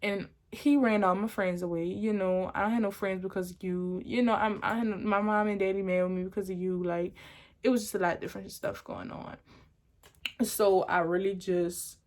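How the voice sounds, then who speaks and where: A young adult woman recounts a personal story for her vlog. She rambles animatedly, doubling back and restarting her sentences, at an ordinary pitch for a woman. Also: steady tone, normal speed. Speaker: vlogger.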